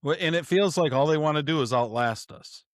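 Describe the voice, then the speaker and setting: Thinking out loud about politics on the podcast he runs from his home studio, a man speaks haltingly, tripping over and repeating words and chuckling frequently. His pitch is fairly high, and the recording has no room sound.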